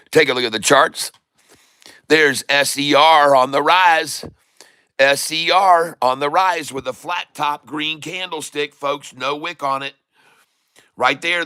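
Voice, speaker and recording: A middle-aged man hosting a live day-trading stream, giving excited running commentary and calling out to his viewers as "folks.". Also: on the high side, clear, resonant tone, no room sound, studio quality.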